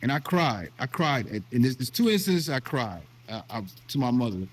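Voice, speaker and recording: Middle-aged man from the US, mid-pitched, earnest and emotional, casual host. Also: sing-song, normal speed, husky. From United States. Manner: earnest storytelling, emotional, with repeated restarts. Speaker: vlog host. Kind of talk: casual conversation.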